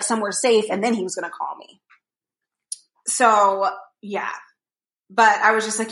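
A woman's voice: mid-range voice, a bit bright, reverberant. A young woman in casual podcast chat, telling a rambling story full of fillers and acted-out quotes. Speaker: podcast co-host.

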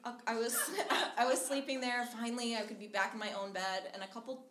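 A woman's voice: fairly high pitch, brisk, a bit bright. A young woman telling a personal story at a live storytelling show, chatty, full of "like" and restarts, acting out the quotes. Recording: echoey room with faint noise.

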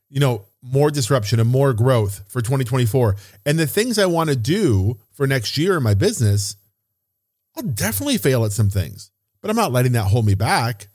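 Here a business coach with a mid-range, darkish voice hosts his solo motivational podcast, recorded in studio quality with no echo. His style is casual, he occasionally swears, and he hammers points by repeating phrases.

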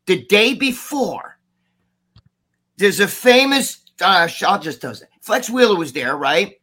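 A man spinning a story on a podcast with a high, bright and forceful voice. He is animated and swears as he goes, slipping into the voices of the people he quotes. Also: a little slow, slightly rough. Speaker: podcast guest.

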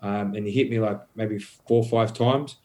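A man's voice: fairly low pitch, normal speed. A man, a podcast guest telling a long story in casual talk, swearing a lot and rambling with many fillers. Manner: swears heavily, rambling and animated.

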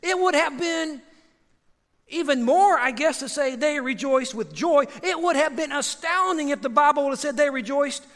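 Male pastor, high bright voice, animated sermon delivery, reverberant sanctuary sound. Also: normal speed. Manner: animated, swings from loud to hushed, repeats phrases. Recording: long hall reverb.

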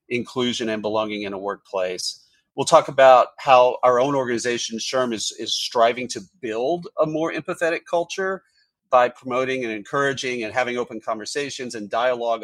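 A man, an HR executive, answering podcast interview questions in a measured, corporate way with frequent fillers. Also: medium pitch, fairly bright tone, no room sound. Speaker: HR executive guest.

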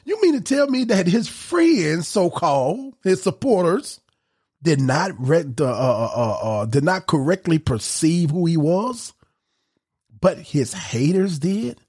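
A man preaching a sermon in an emphatic style, rising to shouts on key points. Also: on the high side, big pitch swings, slow pace, breathy edge.

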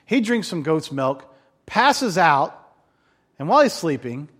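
A man, a pastor, preaching a casual sermon full of jokes, chatty and self-interrupting, acting out quick voices for laughs. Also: a little high, sing-song, fairly bright tone, slightly rough.

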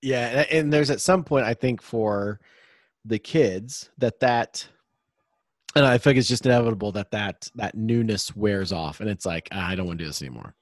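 A man's voice: medium pitch, unhurried, dry recording, studio quality. A man hosting a casual sports podcast, rambling and upbeat, hyping up his guest. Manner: rambling, upbeat hype-style introductions. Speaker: podcast host.

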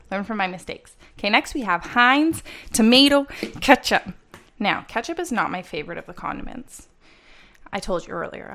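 A woman's voice: mid-range voice, creaky. A young woman from Canada with a Canadian accent, hosting a casual solo podcast and chatting animatedly to her listeners. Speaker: podcast host.

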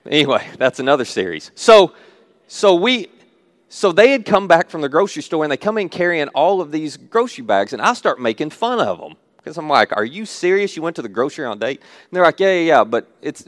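A man preaching a sermon, telling stories with animated acted-out asides. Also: medium pitch, no room sound, studio quality. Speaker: pastor.

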